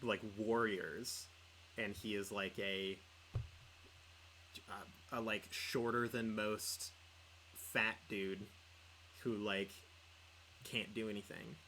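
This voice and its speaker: A man's voice: lowish voice, steady tone, takes it slowly, pauses often, pushed and bright, a little hiss or hum, rough recording. A young man chatting casually on a livestreamed podcast, rambling with lots of filler words. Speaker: podcast co-host and player.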